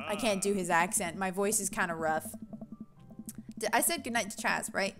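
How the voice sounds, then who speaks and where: A woman's voice: medium pitch, moderate pace, a bit bright, faint music behind. A woman streaming a game, playfully reading the narration and chatting. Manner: playful, reads narration aloud. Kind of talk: game let's play narration.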